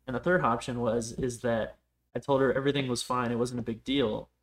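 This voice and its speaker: A young man tells a long personal story in a loose podcast chat. He rambles, swears easily and fills his sentences with "like". His voice sits at an ordinary middle pitch. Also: fairly even intonation, fairly quick. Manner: rambling, profane, heavy on "like" fillers. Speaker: podcast guest. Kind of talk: casual storytelling.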